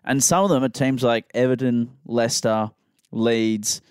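A man's voice: mid-range voice, steady tone, a little slow, a little mellow, smooth, no echo, clean studio sound. A man, hosting a casual podcast chat and rambling enthusiastically about sport. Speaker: podcast host.

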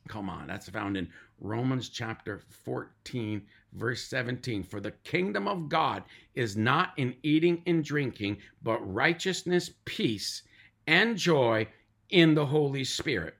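A man's voice: medium pitch, animated, unhurried, creaky, a bit bright. A middle-aged man, a pastor, giving an emphatic podcast sermon and repeating lists of words for weight.

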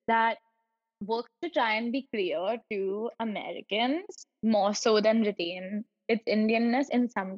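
A woman's voice: mid-range voice, dry recording, long reverb tail, dull audio. A woman co-hosting a podcast, chatting casually and animatedly, often digressing. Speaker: podcast co-host. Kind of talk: casual chat.

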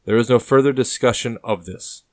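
Man playing a sharp commanding rebel leader. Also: medium pitch, fairly quick, dry recording, clean studio sound, lightly acted. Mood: stern. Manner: sharp, proclaiming.

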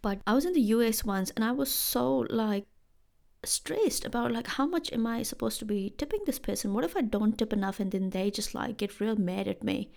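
A woman's voice: on the high side, moderate pace, gravelly, a little mellow. A young woman from India, hosting a casual podcast monologue and acting out bits of dialogue. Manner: chatty, acts out quoted dialogue with laughing asides. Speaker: podcast host.

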